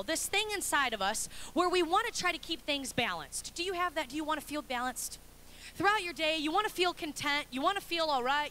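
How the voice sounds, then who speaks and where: Lively high-voiced woman pastor. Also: a little hiss or hum. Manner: animated, humorous storytelling. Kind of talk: sermon.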